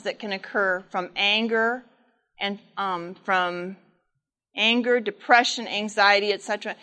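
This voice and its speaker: A woman giving a sermon talk, telling a story in a lively, animated way with asides to the congregation. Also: medium pitch. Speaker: speaker at church.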